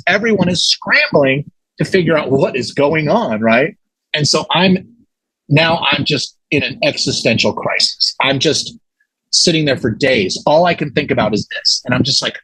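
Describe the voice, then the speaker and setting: A man tells a story as an interview guest, excitable and animated, tripping over his own words. His voice is husky and sits a little high. The sound is dry and close. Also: no echo, rough recording. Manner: animated, excitable, swears, many restarts.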